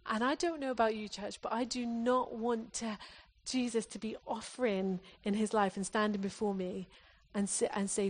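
A woman's voice: on the high side, fairly even intonation, moderate pace, few pauses. A woman preacher from England giving an earnest sermon, often restarting her phrases as she exhorts the congregation.

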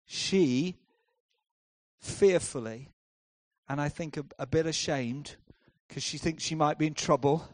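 A man preaching a sermon, swinging between hushed, slow lines and loud, driving ones. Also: fairly high pitch, no room sound. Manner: dramatic swings from hushed to loud, acts out voices.

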